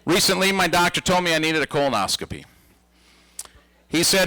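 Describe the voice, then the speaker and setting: A man in his fifties doing stand-up, his voice higher than most and bright with an edge. He tells his stories playfully, swinging his pitch widely. The sound is close and dry. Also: a little fast, pauses often, no room sound, rough recording. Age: 50s. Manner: animated storytelling with a playful comic delivery. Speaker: stand-up comedian. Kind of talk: stand-up comedy routine.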